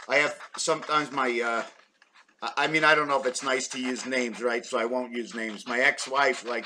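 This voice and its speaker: Middle-aged man, vlog monologue, wandering and excitable, bright forceful tone. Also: medium pitch, a little hiss or hum. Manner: excitable, wandering, thinking aloud with many rhetorical questions. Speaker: vlogger. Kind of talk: rambling monologue to camera.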